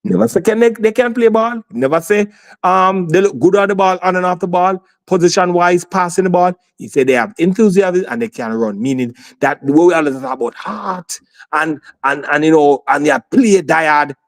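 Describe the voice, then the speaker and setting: Insistent high-pitched man arguing. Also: normal speed. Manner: insistent, repeats himself, talks over others. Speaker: sports talk panelist. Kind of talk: heated sports debate.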